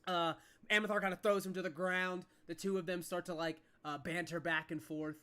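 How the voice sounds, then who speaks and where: A game master describing the scene in a tabletop game, at a middle pitch. The narration rambles and is packed with fillers as the speaker searches for words. The delivery is casual and unscripted. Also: flat delivery, fairly quick, sharp tone, clean tone.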